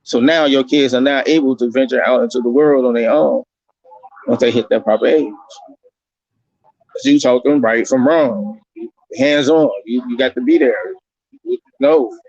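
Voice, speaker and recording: A blunt man, talking in a casual, opinionated way and swearing freely. His voice sits mid-pitch and climbs when he drives a point home. The sound is dry and a little dull. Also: normal speed, long pauses, a little mellow, husky, dry recording. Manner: blunt and profane, lecturing with rising emphasis. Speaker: podcast host.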